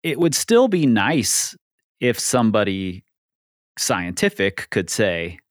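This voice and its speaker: A man's voice: fairly low pitch, very animated, slow, no room sound, studio quality. A man hosting a podcast, explaining things earnestly with frequent ums and easy laughs. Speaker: podcast host. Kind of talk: casual podcast discussion.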